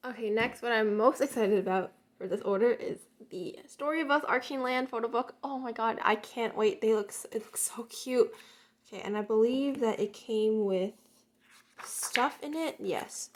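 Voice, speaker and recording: A woman casually narrating an unboxing, gushing and excitable, often gasping and squealing, sometimes dropping to a hush. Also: a little high, normal speed. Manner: drops to hushed whispers now and then. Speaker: unboxing vlogger.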